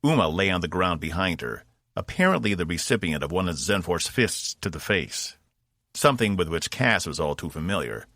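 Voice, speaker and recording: Recorded at studio quality with no room sound, a man narrates an audiobook from a script. His voice sits low, and his storytelling is measured and expressive.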